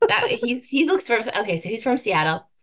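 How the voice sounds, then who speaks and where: A woman giving a live online presentation with slides, brisk and upbeat, repeating key words for emphasis. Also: fairly high pitch, huge pitch swings. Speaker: guest presenter teaching thumbnail design.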